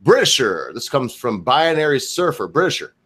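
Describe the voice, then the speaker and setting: A man's voice: mid-range voice, sing-song, normal speed, fairly bright tone. A man hosting a live-stream talk show in a brash, rambling, joking way, reading out viewer questions. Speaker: host.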